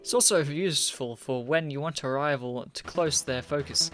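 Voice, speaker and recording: A man's voice: fairly high pitch, normal speed, fairly bright tone, soft background music. A man reading a visual novel aloud as narration, chuckling between lines and adding wry asides. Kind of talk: casual read-along narration.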